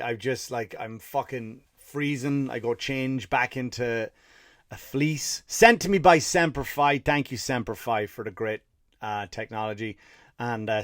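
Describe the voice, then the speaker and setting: A man's voice: mid-range voice, a bit bright, no echo, clean studio sound. An Irish man who hosts a comedy podcast, telling a rambling story with profanity and fired-up rants. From Ireland. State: tired after running 50 miles (story).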